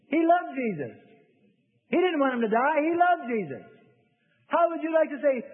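A man preaching a sermon in an animated way, acting out the voices of people praying. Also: very high-pitched, moderate pace. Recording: phone-like sound in a reverberant hall.

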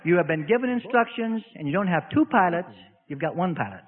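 Male preacher, folksy storytelling sermon, high animated voice, thin radio sound in a big echoey hall. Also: brisk, narrow, tinny audio. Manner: folksy, illustrates with acted-out stories.

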